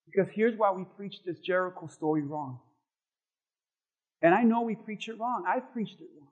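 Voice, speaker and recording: A man preaching a sermon as pastor to a congregation, swinging between loud shouting and quiet, chatty asides. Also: high voice, husky, muffled recording. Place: church sanctuary before a congregation.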